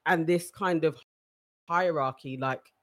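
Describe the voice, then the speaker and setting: A man in a casual group discussion, talking in an animated way and repeating phrases for emphasis. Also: on the high side, takes it slowly.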